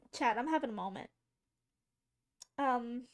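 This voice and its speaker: A woman's voice: a little high, animated, takes it slowly. A woman streamer chatting casually to her viewers while drawing, rambling, giggly and poking fun at herself. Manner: rambling, giggly, self-mocking, talking to chat.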